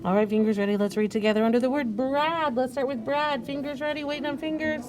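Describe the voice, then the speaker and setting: A woman's voice: high voice, quick pace, noisy background. A woman teacher leading an early reading lesson, patiently sounding out words with a sing-song coaching manner.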